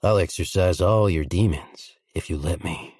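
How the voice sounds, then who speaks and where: A man voicing a cocky, crude, smooth-talking crime boss with a low seductive drawl, in audiobook dialogue. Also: moderate pace, darkish tone, no room sound, studio quality. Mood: soft, seductive. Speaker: audiobook voice actor.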